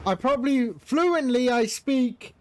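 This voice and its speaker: Chatty high-voiced man streaming a flight sim. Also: a little mellow. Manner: chatty, greets chat by name, jokey. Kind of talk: casual live-stream chat with viewers.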